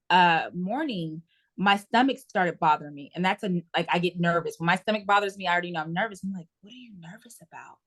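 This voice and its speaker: Animated woman telling self-care stories. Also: fairly low pitch. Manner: animated storyteller, acts out her own inner dialogue. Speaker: interview guest. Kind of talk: casual conversational interview.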